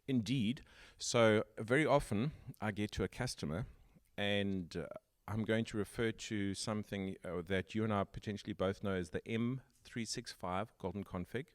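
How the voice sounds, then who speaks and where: A man hosting a relaxed tech podcast, talking in a low register. He explains his ideas step by step in a conversational way. The sound is dry and close. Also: moderate pace, dry recording. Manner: explanatory, builds points step by step. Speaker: podcast host. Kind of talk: casual tech interview chat.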